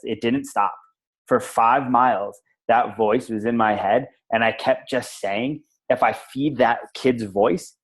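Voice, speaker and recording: A man's voice: mid-range voice, rough recording. A man on a group call telling a personal story casually, rambling with lots of fillers and the odd swear word. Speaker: call participant.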